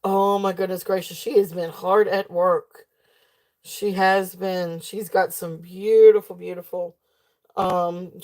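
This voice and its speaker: A woman with a fairly low, slightly mellow voice hosts a live stream selling jewelry, chatting casually and rambling with frequent laughter. She sounds sleepy and keeps yawning.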